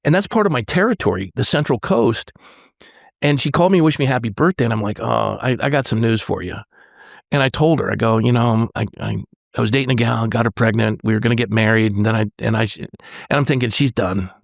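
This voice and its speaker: A man in his sixties, a pastor, telling a personal story on a podcast in an earnest, halting way, often restarting and quoting dialogue. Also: medium pitch, vocal fry, no echo, clean studio sound.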